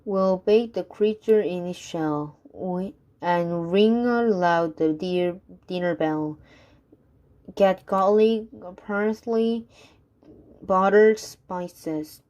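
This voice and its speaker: A woman voicing a greedy, shouting crowd of Frenchmen in a storybook reading, loud and eager. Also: mid-range voice, extremely slow.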